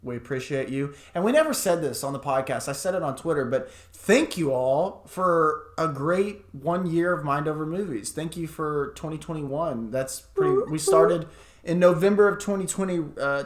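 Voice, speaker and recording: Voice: medium pitch, moderate pace. A podcast co-host in loose, playful banter, thanking listeners and swearing casually. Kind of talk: casual chat. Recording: echoey room with faint music.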